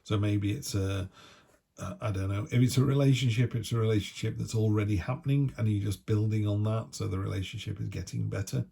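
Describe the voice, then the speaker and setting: A man's voice: on the low side, steady tone, a little fast, vocal fry, mellow, slightly rough. A man giving a casual, chatty tarot reading with jokey asides, from the United Kingdom. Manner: chatty, jokey, acts out little voices. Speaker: tarot reader.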